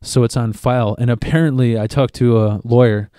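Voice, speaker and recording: A man's voice: mid-range voice, fairly even intonation, a little fast, warm tone, clean tone, no echo, studio quality. A man, a stand-up comedian, telling long profane stories in a casual podcast chat and tripping over repeated words as he starts sentences. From Chicago area.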